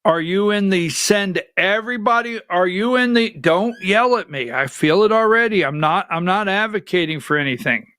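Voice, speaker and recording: High-voiced man hosting live political talk. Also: normal speed, hardly any pauses, sharp tone, clear, resonant tone, dry recording, clean studio sound. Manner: conversational, fires off rhetorical questions. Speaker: political talk show host.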